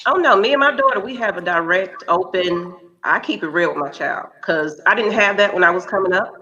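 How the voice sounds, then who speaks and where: A woman's voice: lowish voice, a little fast, bright, forceful tone. A woman in her thirties, a podcast co-host talking frankly and candidly in casual chat. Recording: dull lo-fi recording.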